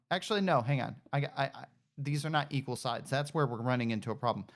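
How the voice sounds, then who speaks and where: A woman giving casual gameplay commentary, excitable, talking to herself and coaxing a pet along. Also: very deep voice, fast talker. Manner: animated, talks to herself and coaxes a pet pig; excitable shouts and cheers. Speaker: gaming streamer.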